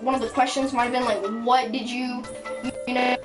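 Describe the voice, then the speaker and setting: A woman's voice: fairly high pitch, level tone, normal speed. A woman telling a casual storytime rant, rambling with many restarts and fillers, sounding indignant. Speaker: storytime vlogger. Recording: voice from a distance with clear background music.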